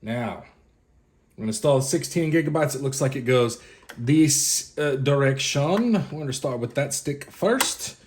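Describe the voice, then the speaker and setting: A man's voice: mid-range voice, lively intonation, a little slow. Man, casual repair host, talks through every step, self-mocking jokes to viewers. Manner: narrates each step aloud as he works. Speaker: host of a computer repair channel. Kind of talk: casual hands-on repair walkthrough.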